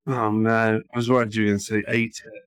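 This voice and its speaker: A man's voice: on the low side, flat delivery, fast, smooth, no echo. A man co-hosting a podcast, a father chatting casually in a teasing, laid-back manner. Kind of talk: casual chat.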